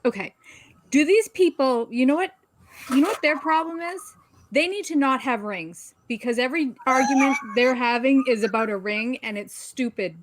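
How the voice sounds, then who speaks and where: A woman co-hosting a casual podcast chat, chatty and quick to laugh, often trailing off mid-sentence. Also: high-pitched, a little hiss or hum. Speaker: podcast co-host.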